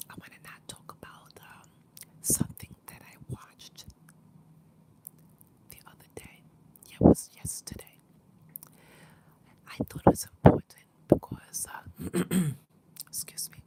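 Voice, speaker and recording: A woman's voice: lowish voice, gravelly. Whispering woman with laryngitis. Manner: whispered, with frequent pauses and fillers. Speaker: livestream host. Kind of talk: casual livestream talk. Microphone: mouth close to the mic.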